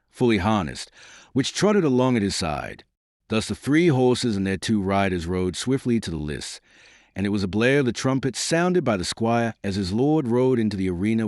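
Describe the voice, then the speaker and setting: A man reading a historical novel aloud as an audiobook narrator, in steady storytelling. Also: lowish voice, no room sound, studio quality. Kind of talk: scripted narration.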